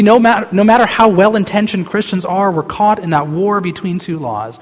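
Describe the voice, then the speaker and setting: A man with a fairly high voice delivers a passionate sermon. He swings between loud, pleading cries and quiet, almost whispered lines. His words hang in the long reverb of a large hall. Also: breathy edge. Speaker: pastor.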